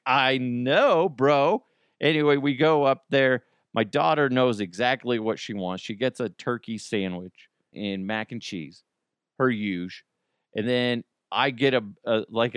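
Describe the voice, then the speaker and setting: A man in his thirties, hosting a radio show in casual chat, telling stories with animated put-on quotes and reading an ad. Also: fairly low pitch, clear, resonant tone, no echo, studio quality. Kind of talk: casual chat and live-read ad.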